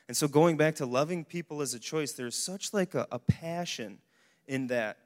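Animated young man preaching in a hall. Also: on the high side, normal speed. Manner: casual, animated preaching with exclamations. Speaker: young adults speaker. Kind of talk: sermon. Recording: long hall reverb.

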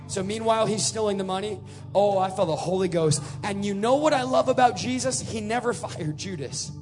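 A man preaching a revival sermon at a church service, swinging between shouted declarations and quiet conversational asides. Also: high voice, brisk, faint music behind. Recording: live hall with long reverb.

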